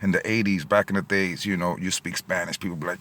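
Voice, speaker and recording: Deep-voiced New York man rambling. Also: steady tone, fast talker, a bit bright, slight background noise. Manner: rambling, emotional, lots of fillers and asides. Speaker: vlogger. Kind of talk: casual storytelling vlog. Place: in and around his car at a gas station.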